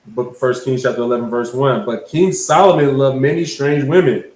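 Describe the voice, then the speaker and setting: A man's voice: medium pitch, steady tone, fairly quick, darkish tone, reverberant, low-quality recording. A man preaching at a Bible class, reading scripture aloud and breaking it down in casual slang, often asking "you understand?". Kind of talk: street sermon, Bible class teaching.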